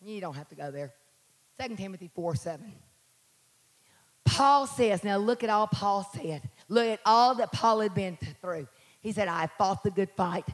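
A middle-aged woman pastor with a scratchy voice, preaching a sermon and breaking into shouted exhortations and sung lines. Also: mid-range voice, expressive, moderate pace. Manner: preaching with call-outs, shouting and singing.

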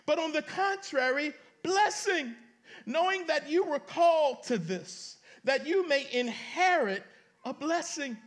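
A man preaching a sermon, reading scripture aloud and speaking colloquially to his congregation, with sudden dramatic rises into shouting. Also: very high voice, expressive, a little slow. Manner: colloquial, addresses the congregation directly. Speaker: pastor.

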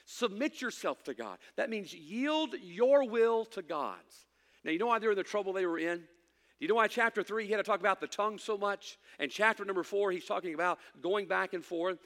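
A middle-aged man preaching a sermon as pastor, swinging from loud emphatic lines to hushed asides, with folksy humor. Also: sits high. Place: church sanctuary. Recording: long hall reverb.

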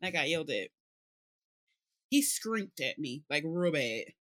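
A woman's voice: sits low, measured pace. A woman co-hosting a podcast, telling stories expressively in casual chat. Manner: expressive, laughing storyteller.

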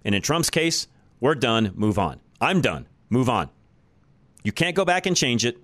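Speaking a little slowly with big pitch swings, a medium-pitched American man with a fairly bright tone hosts talk radio on a studio microphone with no echo. He's blunt and opinionated, repeating his points to stress them.

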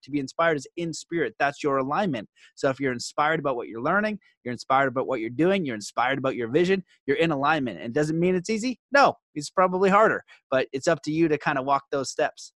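A man talking as a podcast guest in casual conversation, getting worked up and animated as he makes his points. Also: on the high side, fairly quick, hardly any pauses, no echo. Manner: animated, worked-up when ranting.

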